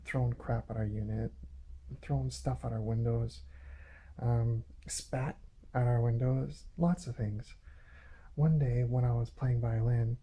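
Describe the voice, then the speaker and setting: Dark-voiced man ranting with grievance. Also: mid-range voice, slight background noise. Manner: aggrieved, repetitive and accusatory. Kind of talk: ranting monologue vlog.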